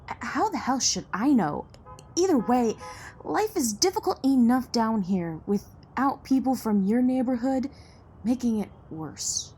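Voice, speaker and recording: In an audio drama, a woman plays a blunt, distrustful young woman from a poor neighborhood, sharp-tongued and sarcastic. Her pitch is fairly low and her pace measured, with a little hiss or hum on the recording.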